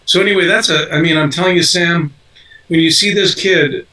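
A man's voice: on the high side, steady tone, fairly quick, sharp tone, recorded from a distance, low-quality recording. An older man, an actor being interviewed, talking casually with lots of fillers and restarts. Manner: rambling, many fillers and restarts. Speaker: actor guest.

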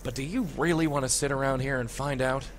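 A man's voice: mid-range voice, steady tone, slight background noise, close to an everyday voice. Brief: male actor as a 1930s New York spirit guide, smart-mouthed tough guy, game dialogue. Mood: wisecracking. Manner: fast-talking tough-guy patter. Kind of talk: video game voice acting.

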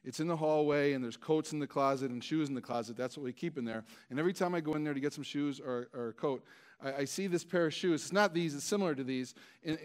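A man's voice: fairly high pitch, clear, resonant tone. A male pastor preaching a storytelling sermon in a conversational, self-deprecating way, with many stammered restarts.

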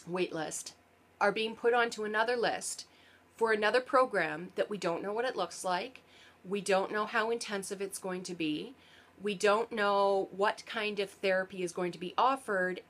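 A woman talks to camera in a casual explainer vlog. Her voice sits at an ordinary middle pitch. She explains earnestly, turns sarcastic at times, and often backs up to fix her wording. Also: a bit bright. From Canada. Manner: sarcastic, earnest explaining with frequent self-corrections. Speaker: parent and vlogger.

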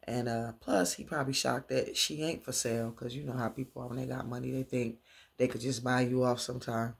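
A woman's voice: very deep voice, steady tone, brisk, creaky. A middle-aged woman recapping a TV episode in a chatty, slangy way, dancing around while she talks.

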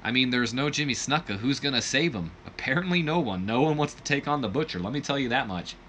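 Man, casual game commentary, lively pitch, bright tone, faint hiss. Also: quick pace. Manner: animated, chatty, with bursts of excitement. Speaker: gaming video host.

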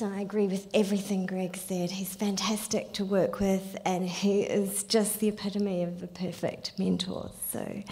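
Kiwi woman reading an award speech, a bit halting and apologetic, normal pitch. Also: darkish tone, big-room sound, a little hiss or hum. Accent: New Zealand. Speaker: award acceptor.

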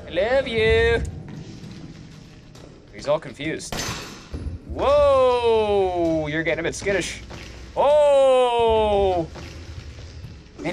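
Excitable high-voiced gamer guy. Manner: excitable, swearing, yelling at enemies. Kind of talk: let's play commentary.

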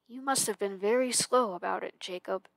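A woman voicing an anxious old male miser in a storybook reading, faltering and pleading, her pitch climbing when he begs. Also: moderate pace, vocal fry, no echo, studio quality, lightly acted. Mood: uneasy.

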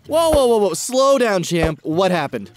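A man's voice: sits high, very animated, a little slow. A man doing an overly nice friend. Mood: soothing. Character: suspiciously friendly adult male friend Jeff. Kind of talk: Minecraft roleplay voice acting.

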